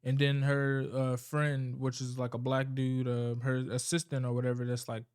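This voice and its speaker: A man's voice: mid-range voice, monotone, normal speed, darkish tone, clean tone. Rambling, cussing man recapping a movie. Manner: rambling, profane, loose storytelling.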